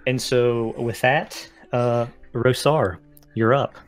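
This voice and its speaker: A man narrating a tabletop game as game master, with dramatic descriptions and filler pauses. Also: medium pitch, steady tone, soft background music.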